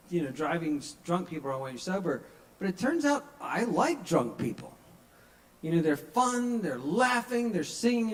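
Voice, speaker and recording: A man's voice: high voice, low-quality recording. Chatty male stand-up storyteller. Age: under 45. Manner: conversational storytelling, acts out quoted voices. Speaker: open mic comedian. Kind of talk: stand-up comedy set. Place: small kava bar at an open mic.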